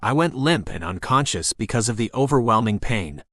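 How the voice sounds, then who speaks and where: A man reads a first-person novel aloud as an audiobook narrator, keeping a steady, even storytelling delivery. His voice sits at a middle pitch and is recorded close and dry, with no room sound around it. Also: moderate pace, no echo.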